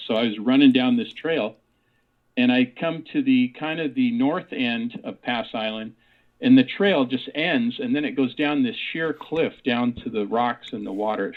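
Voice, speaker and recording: A man in his sixties telling a personal story as an interview guest, rambling with many fillers and restarts. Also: medium pitch. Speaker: guest, author and parapsychologist. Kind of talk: casual storytelling in a radio interview. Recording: tinny phone line.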